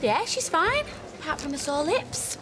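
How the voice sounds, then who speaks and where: A woman's voice: sits high, sing-song, normal speed, noisy background. An actress playing a teasing, gossipy young woman with a sing-song mocking delivery.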